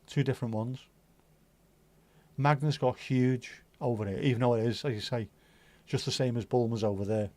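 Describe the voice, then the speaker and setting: A middle-aged man chats through a livestream, rambling from one topic to the next. His talk is loose and sweary, full of banter for the viewers. His pitch sits in the middle range. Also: steady tone, normal speed, darkish tone, no echo. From Liverpool, England. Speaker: livestream host. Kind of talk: casual chat reading viewer comments.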